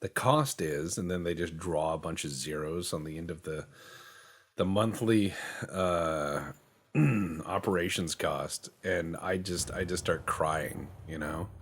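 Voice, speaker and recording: Deep-voiced joking gaming host. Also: male voice, slightly rough. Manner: joking, sweary, self-mocking; slips into quick silly voices for other countries. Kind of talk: casual let's-play commentary.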